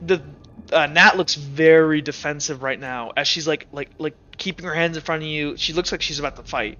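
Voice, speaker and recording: Bright-voiced man running a tabletop game. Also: on the high side, fairly even intonation, a little fast, dull audio. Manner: rambling, filler-heavy narration with frequent restarts. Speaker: game master.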